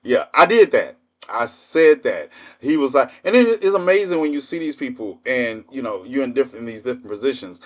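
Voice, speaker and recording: A man's voice: mid-range voice, lively intonation, fairly quick. A man in his fifties hosting a livestream, telling stories in a blunt, profane, laughing way. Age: 50s. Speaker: livestream host. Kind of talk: casual storytelling monologue.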